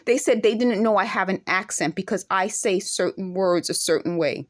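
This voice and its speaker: A woman's voice: mid-range voice, moderate pace. A woman with an accent speaks to camera in an indignant vlog monologue, firing off emphatic rhetorical questions. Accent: speaks with an accent of her own. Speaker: vlogger.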